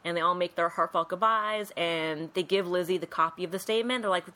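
A woman's voice: on the low side, fast talker, hardly any pauses, pushed and bright. Chatty woman recapping a film. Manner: chatty, acts out quotes, says 'like' a lot. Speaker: podcast co-host.

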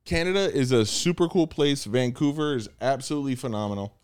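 A man's voice: mid-range voice, a little fast, clean tone. A young American man telling a story in casual chat, acting out the people he quotes. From United States.

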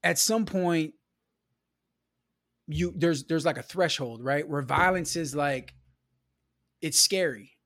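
A man from the American Midwest tells stories from his childhood in an easy, rambling manner, filling his talk with "you know", "man" and "bro". His voice sits a bit higher than most men's, and the sound is close and dry, with no room echo. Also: slow, pauses often, fairly bright tone. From Milwaukee, US Midwest. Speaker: podcast guest. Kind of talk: casual storytelling conversation.

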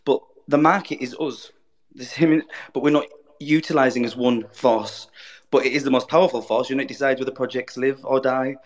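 A man's voice: mid-range voice, fairly even intonation, a little fast. A man speaking as a guest in a casual online audio chat, earnest and rambling, swearing now and then.

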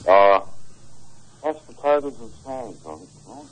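A man's voice: mid-range voice, expressive, normal speed, rough recording. A man with an Australian accent calls in to a radio show and tells a rambling fishing story, full of restarts. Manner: rambling yarn-spinning with restarts. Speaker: caller. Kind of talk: phone-in storytelling.

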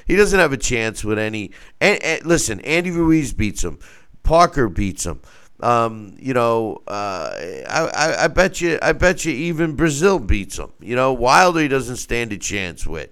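A man talking boxing on a show as a guest, animated, with stammering restarts. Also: medium pitch, a little slow, clean tone. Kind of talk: casual boxing talk.

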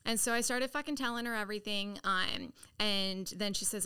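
A woman's voice: mid-range voice, moderate pace, smooth. A woman guest on a podcast telling her story in casual, profane speech, acting out quoted lines. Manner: animated, profane, acts out quotes.

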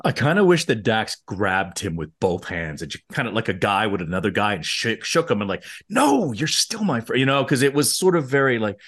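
A man's voice: fairly low pitch, big pitch swings, brisk, few pauses, fairly bright tone. A man co-hosting a podcast, in playful casual banter, joking about pronunciations and quoting characters with emphasis. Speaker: podcast co-host.

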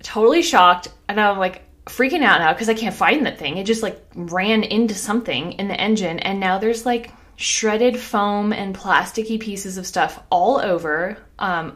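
A woman in her thirties hosting a podcast, telling a story in a casual, animated way, laughing often and saying "like" a lot. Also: medium pitch. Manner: animated, laughing, heavy use of "like". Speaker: podcast host.

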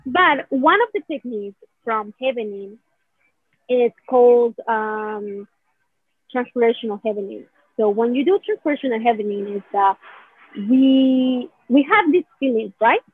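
A woman's voice: fairly high pitch, expressive, unhurried, breathy edge, dry recording. A woman explaining a healing technique in casual conversation, rambling, saying "right?" a lot and acting out feelings in quoted asides. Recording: dry, phone-like narrow sound.

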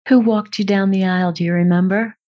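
A woman hosting a podcast, gently asking follow-up questions in a conversational interview. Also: mid-range voice, fairly even intonation, quick pace. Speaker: podcast host. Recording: dull lo-fi audio.

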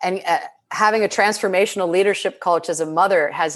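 Expressive woman coach, animated and laughing. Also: fairly low pitch. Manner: expressive and animated, quick to laugh, frequent restarts. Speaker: transformational leadership coach. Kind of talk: casual podcast conversation.

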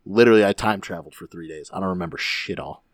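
Man, very low voice, dry close sound, laid-back, swearing. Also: quick pace, no echo. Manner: laid-back, profane, joking. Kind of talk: casual chat.

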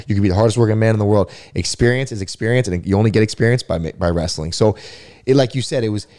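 A man with a fairly low voice talks as an interview guest, looking back on his sports career in a relaxed, conversational way. He is reflective and emphatic and often stumbles over and repeats a word before pushing on. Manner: reflective and emphatic, repeats words when restarting. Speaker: podcast guest, former pro football player.

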